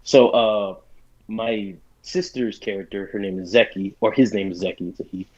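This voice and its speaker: A man co-hosting a casual podcast, an excitable, rambling storyteller full of fillers who runs tabletop games. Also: lowish voice, normal speed. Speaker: podcast co-host and game master. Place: bedroom or basement at home. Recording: lo-fi home recording.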